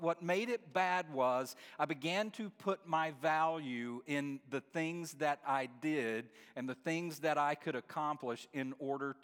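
A pastor preaches with earnest conviction, doubling back on his words and then climbing to emphatic, forceful peaks. His voice sits a touch high for a man. The sound carries a long reverb tail from a big church hall. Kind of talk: sermon.

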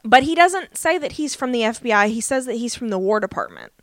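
A woman's voice: on the high side, expressive, fairly quick, dry recording. A woman co-hosting a podcast, casually recapping a TV episode in a chatty storytelling manner with lots of fillers. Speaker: podcast co-host.

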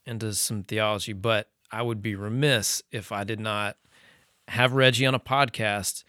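A man hosting a casual podcast interview, encouraging and quick to say "mm-hmm.". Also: fairly low pitch, steady tone, pushed and bright, no room sound, studio quality. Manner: encouraging, lots of "mm-hmm" backchannel. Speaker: podcast host.

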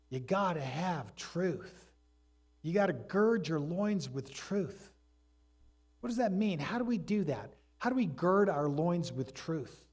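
A man delivering a sermon with real animation, his voice set a little high for a man. He tells stories with lots of energy and leans into them. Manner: animated storytelling preacher, acts out voices in stories. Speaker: pastor.

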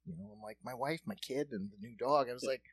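A man's voice: medium pitch, fast, gravelly, breathy edge. A man co-hosting a comedy podcast, telling jokey stories in casual, profane banter. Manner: animated, profane, jokey storytelling. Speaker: podcast co-host.

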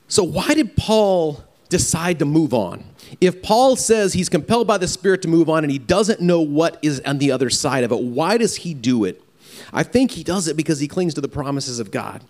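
A man preaching a farewell sermon in an earnest, halting way, often repeating words as he speaks. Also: fairly high pitch, darkish tone. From Louisiana. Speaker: pastor.

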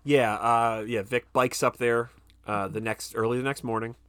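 A man's voice: moderate pace, smooth, no room sound. A man co-hosting a podcast, recapping a film in casual chat, swearing freely and acting out characters. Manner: animated, swears freely, acts out characters in a high squeaky voice. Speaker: podcast co-host.

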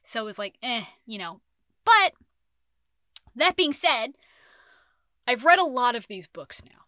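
Woman podcast co-host, bright and higher-pitched, rambling casual chat, dry close mic. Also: moderate pace, no room sound. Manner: rambling, animated, swearing, with self-corrections and laughs.

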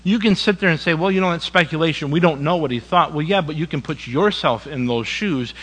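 A man's voice: fairly high pitch, brisk, slightly rough, poor audio. Man preaching, dramatic scripture reading. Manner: dramatic scripture reading with sudden quiet emphasis; folksy, conversational asides. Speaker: pastor. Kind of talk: sermon.

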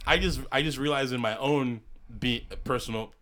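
Bright-voiced tipsy man rambling. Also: mid-range voice, moderate pace. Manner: rambling, profane, trails off and restarts. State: a little drunk. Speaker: podcast co-host. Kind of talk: casual chat.

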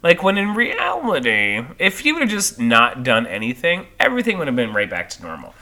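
Low-voiced, animated, profane woman. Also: a little fast. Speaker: podcast co-host. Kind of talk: casual chat.

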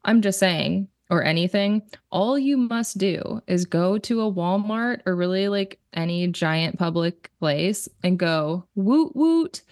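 A woman talks through a film as a guest on a casual podcast. Her voice sits low with a gravelly fry at the ends of phrases, and she is blunt, swears freely and laughs easily. The sound is dry and close, with no room around her. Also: a little slow, hardly any pauses, dry recording.

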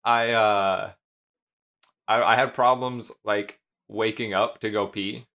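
A young man of eighteen telling a story in a hesitant, halting way on a casual podcast. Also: lowish voice, fairly even intonation, pushed and bright. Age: young adult. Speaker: podcast guest. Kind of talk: casual chat.

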